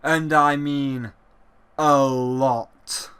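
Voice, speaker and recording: A man's voice: medium pitch, steady tone, very slow, very noisy. A man reviewing a video game in a sarcastic, exasperated way, with plenty of swearing.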